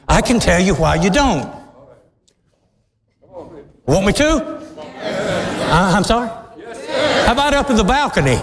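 High-voiced preacher shouting in a big church hall. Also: male voice, expressive, measured pace, pauses often. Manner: storytelling, building to shouted exhortation. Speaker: pastor. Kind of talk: sermon. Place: large church sanctuary with congregation. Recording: long hall reverb, crowd and room noise.

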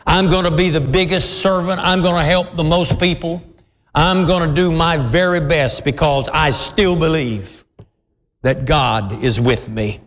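A preacher voicing an earnest young prisoner. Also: male voice, on the high side, steady tone, a little slow, fairly bright tone. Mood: resolute. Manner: earnest, pleading. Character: faithful young male Hebrew prisoner. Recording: long reverb of a large hall.

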